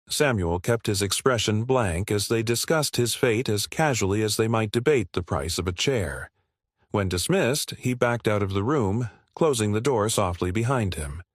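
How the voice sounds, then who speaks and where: A man narrating a scripted story in a steady, measured way. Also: fairly low pitch, dry recording, clean studio sound.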